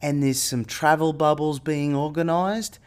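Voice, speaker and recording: Animated storytelling man, slightly high voice. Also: a little slow, clean tone. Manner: animated retelling, rising loud when quoting panic. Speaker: airline pilot and marketer. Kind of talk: casual storytelling monologue.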